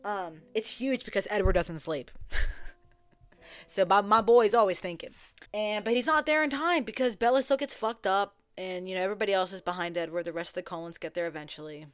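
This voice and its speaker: A woman's voice: mid-range voice, brisk, clean tone, no room sound. A young woman casually retelling a book story from memory, swearing freely and acting out the characters' lines. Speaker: book vlogger. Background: soft background music.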